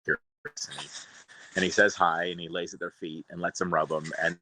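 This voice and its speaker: Low-voiced chatty man, dry sound. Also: flat delivery, normal speed, sharp tone, dry recording, rough recording. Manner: chatty, exasperated, talks to his cats in between. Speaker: cat owner vlogger. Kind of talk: casual rambling storytelling.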